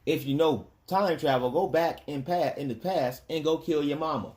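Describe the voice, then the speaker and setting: A man's voice: fairly high pitch, normal speed, a little mellow. Man in a rambling casual monologue. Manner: loose, digressive, talks straight to the listener, chuckles between points. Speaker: vlogger.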